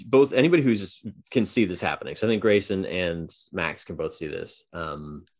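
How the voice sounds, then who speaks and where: A man narrating a tabletop game as game master, casual and halting, with many fillers. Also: sits low.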